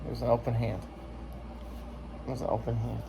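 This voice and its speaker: A man's voice: medium pitch, flat delivery, brisk, vocal fry, noisy background. A man vlogging in casual chat, joking and rambling with lots of filler words.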